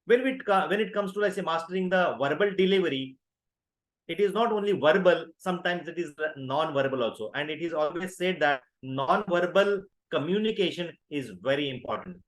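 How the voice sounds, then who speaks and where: A man's voice: on the high side, expressive, brisk. A man in his fifties with an Indian English accent, giving an online workshop lecture, full of fillers and self-corrections. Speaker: workshop trainer.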